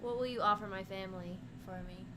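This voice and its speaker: A woman's voice: medium pitch, fairly even intonation, fast, background noise. A woman co-hosting a casual livestream, teasing and blunt in her comments. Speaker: livestream co-host.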